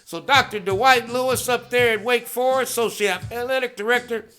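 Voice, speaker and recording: A man hosting a podcast who pitches hard, repeats catchphrases, keeps asking "okay?" and shouts out people by name. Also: fairly even intonation, moderate pace. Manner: hype-driven, repeats catchphrases, peppers with "okay?". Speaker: podcast host. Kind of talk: promotional monologue.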